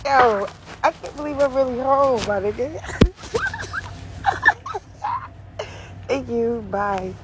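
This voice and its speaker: A woman's voice: on the high side, normal speed, heavy background noise. A young woman on a phone livestream, giddy and overwhelmed, laughing and exclaiming as she talks. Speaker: livestreamer touring her new home. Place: new house, indoors and out.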